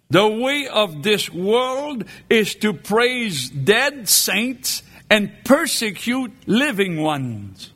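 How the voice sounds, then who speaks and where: A man preaching a sermon in a slow, deliberate cadence. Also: high voice, fairly bright tone.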